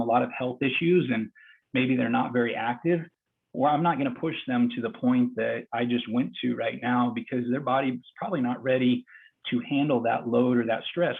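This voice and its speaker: Male therapist, gravelly and husky, coaching while exercising, thin call-line sound. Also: mid-range voice, phone-quality sound. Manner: talks while exercising, plain and encouraging. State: out of breath. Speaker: physical therapist demonstrating exercise. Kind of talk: instructive explanation during a live demo.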